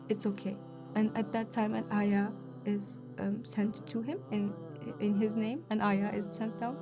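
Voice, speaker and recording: Soft young woman from east turkestan, hesitant, lots of ums, pretty flat voice. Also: on the high side. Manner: soft-spoken, hesitant with fillers. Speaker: interview guest. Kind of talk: personal interview.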